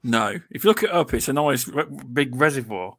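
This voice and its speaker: A man hosting a livestream in casual chat, soft-spoken and halting, often restarting his sentences. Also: mid-range voice, animated, no room sound, clean studio sound. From England. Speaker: stream host.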